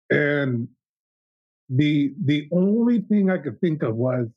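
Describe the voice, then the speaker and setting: A man's voice: a little high, dry recording. A man in his thirties, a podcast guest, telling a candid personal story in an earnest, reflective way, often restarting his sentences. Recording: dull lo-fi sound.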